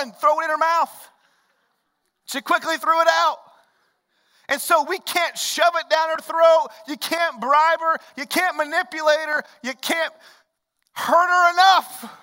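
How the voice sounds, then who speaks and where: A male pastor preaching a sermon in a conversational storytelling way, dropping to hushed lines and rising to loud, emphatic ones. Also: very high voice, a little slow. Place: large church hall. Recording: long reverb of a large hall.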